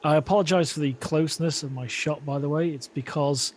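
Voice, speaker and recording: A man hosting a podcast in casual chat over a video call, speaking calmly and in an understated way. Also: fairly high pitch, brisk, slight background noise. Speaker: podcast host.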